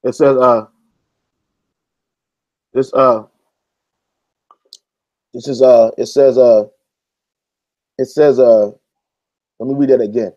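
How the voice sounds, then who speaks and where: A man's voice: medium pitch, steady tone, takes it slowly, pauses often, darkish tone, dull audio. A man preaching informally, reading an article aloud and arguing back at it, with street-casual talk full of "man". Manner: stops to reread passages and argue back. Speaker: religious commentator.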